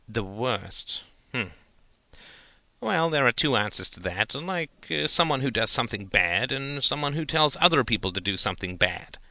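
A man's voice: medium pitch, expressive, normal speed, creaky, sharp tone, dry recording, exaggerated voice. A man voicing a patient, weary professor father who hesitates and muses as he answers his son in an audiobook. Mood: musing. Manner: hesitant, musing, trails off.

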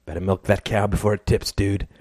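A man reading an audiobook and voicing a glib, fast-talking male TV producer with cynical sales patter. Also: on the low side, little pitch movement, a little mellow, no room sound, studio quality, natural voice. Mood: amazed.

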